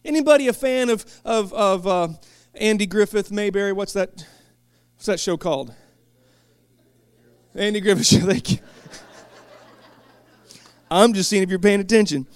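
A man preaching a sermon with passion, moving from quiet asides to shouted peaks and often stumbling into restarts. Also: high-pitched, measured pace, long pauses, clear, resonant tone, no echo. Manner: impassioned, swings from quiet asides to shouted climaxes; frequent stammered restarts. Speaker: pastor.

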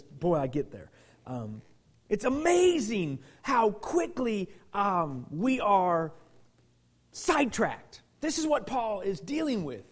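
Male pastor, sermon, emphatic, repeats himself, loud then hushed. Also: high voice. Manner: emphatic, swings from loud bursts to near-whispers; restarts and repeats words often.

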